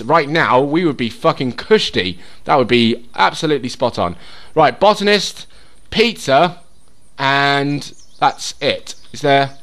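A young man giving casual, sweary commentary as he plays a survival game, talking to himself and the game. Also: medium pitch. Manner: drops to a whisper while sneaking; shrieks and yells in panic during chases. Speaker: gaming YouTuber. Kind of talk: casual let's-play commentary.

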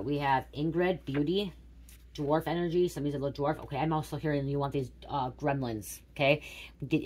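Low-voiced woman reading cards aloud. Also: a little mellow. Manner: musing aloud, repeating words. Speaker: tarot reader. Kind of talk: casual spiritual card reading.

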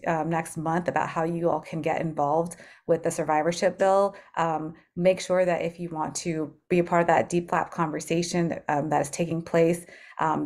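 Low, flat-voiced woman hosting. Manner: supportive, measured, many "um"s. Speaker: host. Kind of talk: closing remarks at an online panel.

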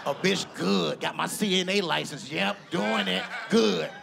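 A man's voice: high-pitched, a little slow, vocal fry, noisy background, full character voice. A man putting on a brash young nursing aide. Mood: bragging. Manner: brash, scolding.

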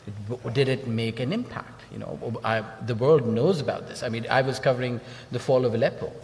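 A man's voice: medium pitch, fairly quick, darkish tone. Earnest man speaking in a reverberant hall. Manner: earnest, emphatic with repetition. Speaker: panelist broadcast journalist. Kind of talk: panel discussion. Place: large festival hall. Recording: long hall reverb with faint noise.

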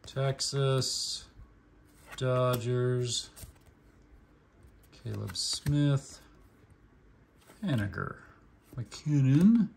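Gravelly-voiced man with an Okie-Hoosier twang, unhurried, reads names off one by one, faint hum behind him. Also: mid-range voice, animated, a little mellow. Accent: Oklahoma and Indiana mix. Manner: reads names aloud one by one with short remarks. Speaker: card collecting channel host. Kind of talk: casual pack-opening commentary.

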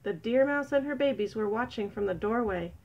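A woman reading a children's picture book aloud in a gentle, expressive, unhurried way. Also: on the high side, highs cut off. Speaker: storybook reader.

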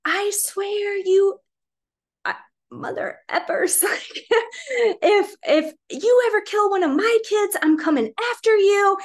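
A woman acting out a big, tough-looking man who is furious and shouting. The voice sits far above his natural range and comes out pitched up and pushed. He is agitated the whole way through. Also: slow, hardly any pauses, full character voice. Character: angry burly man yelling about reckless driving.

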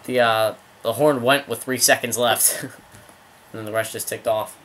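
A young man talks through his hockey video game in a casual, rambling way and breaks into excited outbursts whenever a play happens. His voice is bright and forward at an ordinary middle pitch. A faint hiss of noise sits under the recording. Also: moderate pace. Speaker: gaming video host.

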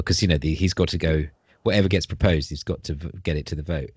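A man's voice: low-pitched, fairly even intonation, fairly quick, a little mellow, breathy edge, no echo. A man in casual conversation, talking in a rambling, discursive way with the odd swear word.

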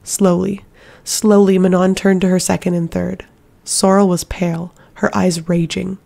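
Gravelly woman narrating a fantasy audiobook. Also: lowish voice, level tone, mellow. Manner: measured, dramatic reading.

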